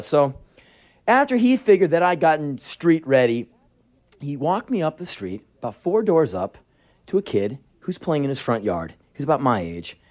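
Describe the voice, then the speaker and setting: A man's voice: a little high, darkish tone. A man in his twenties doing a live spoken word set, telling stories in a sardonic, profane way and breaking into sudden yelps when he acts out voices. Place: live venue before an audience.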